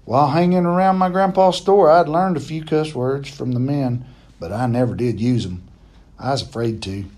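A man's voice: mid-range voice, a little mellow, slightly rough. A man reading a novel chapter aloud, telling it expressively and now and then stumbling and repeating a word.

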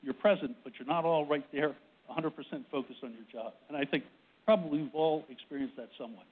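A man's voice: fairly high pitch, fast talker, breathy edge. Breathless man, tinny presentation audio. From Boston. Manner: repetitive restarts, frequent "right?" checks. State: short of breath. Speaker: presenter on a panel. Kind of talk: workplace presentation talk. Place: conference room with audience. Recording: tinny phone-like recording.

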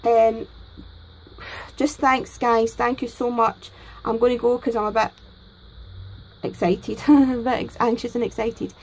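Excitable high-voiced Scottish woman. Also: unhurried, rough recording. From Scotland. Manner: excitable and gushing, nervous chatter. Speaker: crafting channel host. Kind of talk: casual unboxing vlog.

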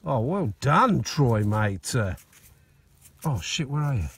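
An Australian man filming a casual outdoor vlog on his phone, chatting excitedly to viewers and calling his mate "mate" a lot. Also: medium pitch, slow pace, slightly rough. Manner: excitable, blokey, lots of "mate" and "righto". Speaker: metal detecting channel host. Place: outdoors at a dig site. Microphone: phone camera.

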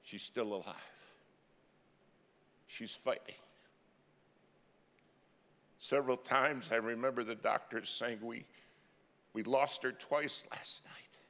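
A middle-aged man preaching a sermon as a dramatic story, swinging from loud cries to hushed, near-whispered lines. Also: medium pitch, fairly even intonation, slow pace, long pauses. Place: church sanctuary. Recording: long church hall reverb.

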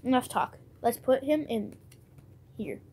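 Slow-talking high-voiced woman chatting. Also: a little hiss or hum. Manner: chatty, muttering to herself, bursts of excitement. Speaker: card-opening vlogger. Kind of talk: casual chat while opening cards.

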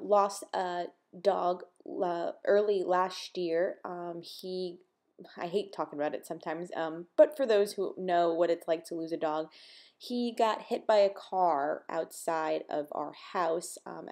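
A young woman from South Florida, chatting casually through a scrapbooking voice-over, full of ums and fillers. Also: medium pitch. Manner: chatty, filler-heavy, warm about her dogs. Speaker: scrapbooking vlogger.

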